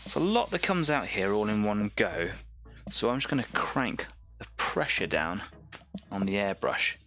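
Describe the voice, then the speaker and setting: A man's voice: lowish voice, sing-song, normal speed, bright, forceful tone, dull audio, soft background music. A man hosting a live painting stream, chatting casually, rambling and laughing at his own jokes.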